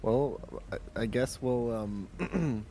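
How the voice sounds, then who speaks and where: A man's voice: mid-range voice, drawn-out words, vocal fry, dark tone, a little hiss or hum. Stammering man playing a captain. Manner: stammering, restarts words. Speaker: player voicing a ship captain. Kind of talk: tabletop role-play.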